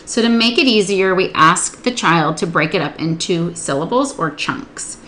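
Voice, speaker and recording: A woman's voice: on the low side, fairly bright tone, slight background noise. Patient woman demonstrating a literacy lesson. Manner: patient, explains step by step, slows to sound out words. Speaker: literacy tutor. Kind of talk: instructional demonstration.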